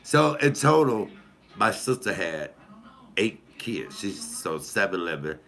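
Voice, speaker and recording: Gravelly, bright-voiced man telling stories. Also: low voice, big pitch swings, slow. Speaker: comedian storyteller. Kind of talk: casual comic storytelling.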